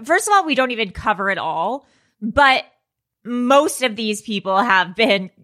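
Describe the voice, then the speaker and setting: Bright-voiced chatty woman podcast host. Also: fairly high pitch, lively intonation, a little slow. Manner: chatty, self-deprecating, laughs often. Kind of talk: casual chat.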